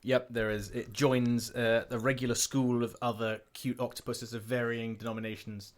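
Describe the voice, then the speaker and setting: A man running a tabletop game as game master, narrating in a relaxed, jokey way. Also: mid-range voice, moderate pace.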